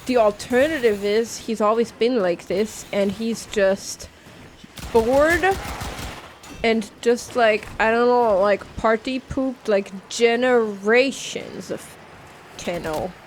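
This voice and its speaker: A woman's voice: a little high, takes it slowly, a little hiss or hum. A woman playing a game in a let's play, chatty, asking questions and joking as she goes. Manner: chatty, asks questions, jokes while playing. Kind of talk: casual gaming chat.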